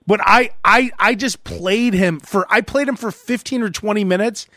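A man hosting a podcast, chatting casually and telling animated stories in which he acts out phone calls and sometimes bursts into shouting. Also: high-pitched, moderate pace, no echo, studio quality. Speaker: podcast host. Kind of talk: casual chat.

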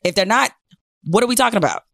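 A woman in her forties hosting a casual interview, expressive and blunt, laughing often. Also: fairly high pitch, fast, gravelly, dry recording, clean studio sound. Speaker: podcast host.

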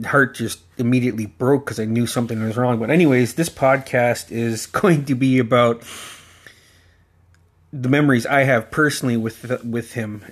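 A man from Alaska telling stories on his podcast in an easy, meandering way. He laughs often, curses casually and circles back on himself, his voice sitting at an ordinary middle pitch. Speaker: podcast host. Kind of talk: casual personal storytelling.

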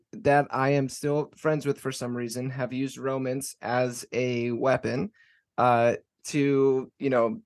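A man hosting a podcast interview in casual conversation, rambling and halting with many fillers and restarts. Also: medium pitch, gravelly. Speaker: podcast host.

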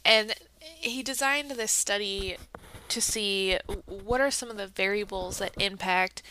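A woman's voice: medium pitch, unhurried, sharp tone, a little hiss or hum, low-quality recording. A woman talking casually as a host, explaining at length with frequent fillers and restarts. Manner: chatty, many fillers and restarts.

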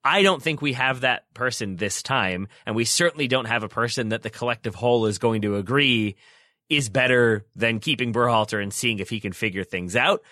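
A man with a bright, forward voice talks through soccer tactics in long, run-on stretches, stumbling over his own words as he goes. He is co-hosting a podcast, and the sound is dry and close. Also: mid-range voice, brisk, no echo. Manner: long animated run-on talk with restarts. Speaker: podcast co-host. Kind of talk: casual soccer analysis chat.

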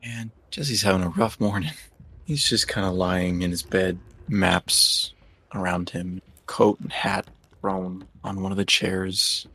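Deep, husky man setting a scene. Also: steady tone, slow pace, pushed and bright. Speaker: player. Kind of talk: describing actions in a tabletop game.

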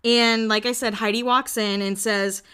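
A young woman hosting a podcast and recapping a reality show in casual chat, laughing often and slipping in quick quoted asides. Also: a little high, fairly even intonation, pushed and bright, clean tone.

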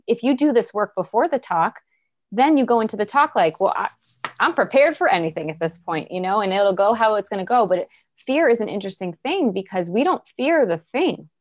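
A woman's voice: medium pitch, lively intonation, fairly quick. A woman guest speaking as an author and coach in a casual podcast conversation, with an encouraging, coaching tone.

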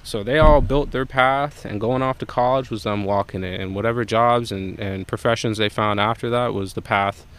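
A man's voice: on the low side, moderate pace, hardly any pauses, clear, resonant tone. Profane young man telling a story. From Jamaica. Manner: profane, rambling, animated. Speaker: podcast guest. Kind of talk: casual storytelling chat.

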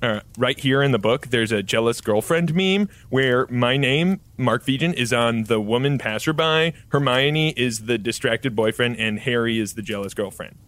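A man's voice: medium pitch, moderate pace, hardly any pauses, a bit bright. A man reading his own parody fan fiction aloud in mock-dramatic style, adding sound effects. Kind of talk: comedic deadpan story reading.

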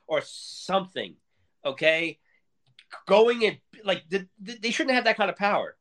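A man's voice: high-pitched, very animated, a little slow, fairly bright tone. A man co-hosting a podcast, ranting angrily in casual, profanity-heavy talk. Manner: angry, heated, profanity-laced ranting. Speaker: podcast co-host.

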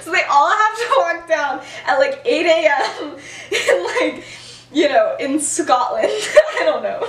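Her high, slightly bright voice has lively intonation and moves a little slowly as this young podcast host retells a story to a friend. She chats casually, laughing and leaning on "like" fillers. The mic seems far off in a roomy space.

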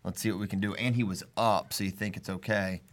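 A man hosting a casual talk show, chatting in an animated way and laughing often. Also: low-pitched, fast talker. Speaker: podcast host. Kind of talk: casual chat.

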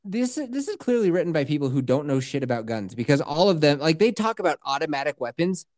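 Man, podcast co-host, animated storytelling, lively pitch, dry close mic. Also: quick pace, dry recording. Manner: animated storytelling, acts out characters, swears freely. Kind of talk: casual movie recap chat.

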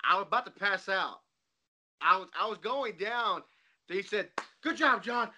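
A young adult man co-hosting a casual chat, animated, laughing often and swearing freely. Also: sits high, normal speed. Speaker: podcast co-host.

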